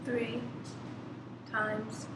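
A woman student answering maths questions quickly and offhandedly in class. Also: on the high side, little pitch movement, fairly bright tone, echoey room, a little hiss or hum, rough recording.

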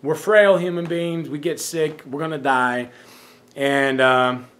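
Man, casual vlog storytelling, slightly high voice, rambling, self-amused, fades out softly at the ends of thoughts. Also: steady tone, takes it slowly. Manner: rambling, self-amused, laughs at his own jokes. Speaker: vlogger.

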